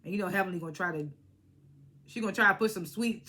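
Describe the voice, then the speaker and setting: A young woman vlogging a casual reality TV recap, animated and slangy, laughing as she acts out what the cast said. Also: on the low side, fast talker. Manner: animated, laughing, slangy retelling with acted-out quotes. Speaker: reality TV reviewer.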